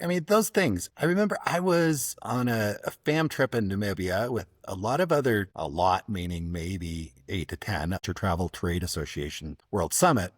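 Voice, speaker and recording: A man with a fairly low voice hosting a travel podcast. He speaks thoughtfully, often restarting his sentences as he works toward a point. The sound is dry and close to the mic. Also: no echo. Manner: thoughtful, hesitant restarts, storytelling. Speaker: podcast host. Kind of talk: casual interview.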